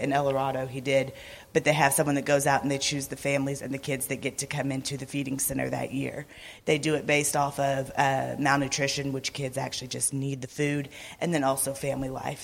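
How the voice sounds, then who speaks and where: Hoarse woman, gravelly, chatty, long hall reverb. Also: very deep voice. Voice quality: raspy. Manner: laughs often, chatty. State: hoarse, lost her voice. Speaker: mission trip speaker. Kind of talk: church presentation talk. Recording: echoey hall.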